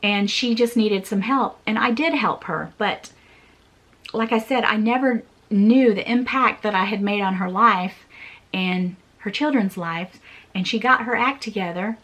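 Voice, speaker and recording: A woman's voice: medium pitch, a little slow, a bit bright. A woman in her forties, a vlogger telling a personal story in an earnest, repetitive way with small laughs.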